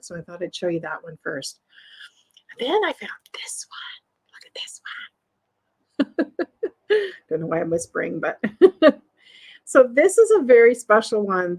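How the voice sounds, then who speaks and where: A woman's voice: medium pitch, rough recording. A woman hosting a casual show-and-tell video of vintage paper collectibles. She chats to the camera, laughs often and keeps asking viewers questions. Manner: laughs often, light and upbeat. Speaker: vintage ephemera seller and channel host.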